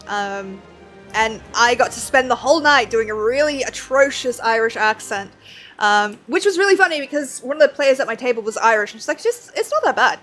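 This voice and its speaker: A woman chats casually while she streams a game, rambling from topic to topic with plenty of fillers. Her voice sits fairly high, and faint game music plays beneath it. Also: animated, fairly quick, fairly bright tone. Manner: rambling, chatty, self-deprecating with many fillers. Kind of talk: casual chat while playing.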